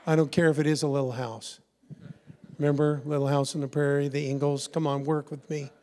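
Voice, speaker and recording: A middle-aged male pastor preaching with lively energy, calling on the congregation to answer him. His voice sits a little high for a man. It rings out through a church hall with a long reverb tail. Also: fairly quick, slight background noise. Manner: animated, leads call-and-response with the congregation. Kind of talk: sermon. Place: church sanctuary.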